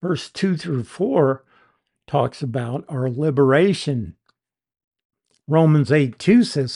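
A preacher giving an expository Bible teaching sermon, deliberate and emphatic, leaning hard on key words. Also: mid-range voice, darkish tone.

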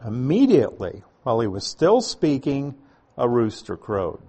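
A man's voice: medium pitch, wildly swooping pitch, normal speed, dark tone, slightly rough. A man preaching a sermon who reads scripture aloud and then explains it, asking his listeners rhetorical questions. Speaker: pastor teaching scripture. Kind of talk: sermon, Bible teaching. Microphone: uses slides while speaking to a congregation.

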